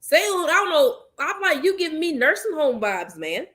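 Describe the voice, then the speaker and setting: A woman's voice: high-pitched, big pitch swings, normal speed, fairly bright tone. A woman hosting a podcast in casual group chat, blunt and joking, often laughing. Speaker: podcast host.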